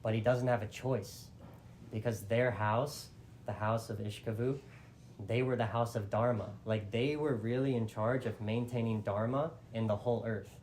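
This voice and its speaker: A storyteller with a medium-pitched, darkish, steady voice recounts an old epic at a moderate pace, with a slight hiss or hum in the recording. His telling is casual and chatty, full of fillers like "like" and small restarts.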